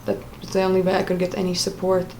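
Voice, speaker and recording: A young woman telling a personal story in a casual, halting way, often stopping to search for words. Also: lowish voice, completely flat delivery, a little mellow, a little hiss or hum, low-quality recording. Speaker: vlogger.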